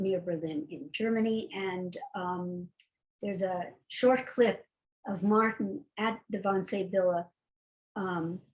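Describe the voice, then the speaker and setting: Woman reading history books out loud, steady and deliberate, bit of um and uh between bits. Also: mid-range voice, low-quality recording. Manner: measured, deliberate reading, with halting filler-laden asides between passages. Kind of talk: reading aloud from books with brief spoken asides.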